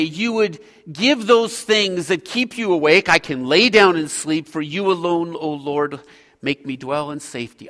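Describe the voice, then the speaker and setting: A man preaching a sermon as a pastor, earnest and measured, pausing between phrases. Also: sits high, a bit bright. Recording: hall reverb.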